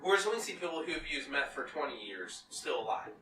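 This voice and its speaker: A man co-hosts a podcast, pressing his point in a casual debate while swearing and repeating himself. His voice is on the high side, sing-song, fairly quick, bright and forceful. He sounds distant and off-mic in a roomy space with faint noise.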